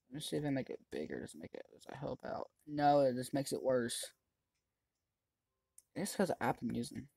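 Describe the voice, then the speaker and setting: A gaming channel host giving excitable running commentary while playing, often yelling at other players. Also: medium pitch, vocal fry, no echo. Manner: chatty running commentary on the game. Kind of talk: let's-play commentary.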